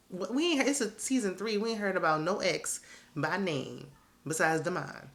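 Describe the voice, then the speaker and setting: A woman with a slightly low voice talks through a reality show recap in a casual, gossipy way. She is sassy and chatty, and her frequent laughter and pointed asides keep the talk loose. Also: moderate pace.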